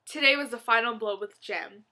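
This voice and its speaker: A woman's voice: fairly high pitch, moderate pace, bright, forceful tone. A woman reading a humorous blog post aloud in a playful, loosely acted way. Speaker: reader.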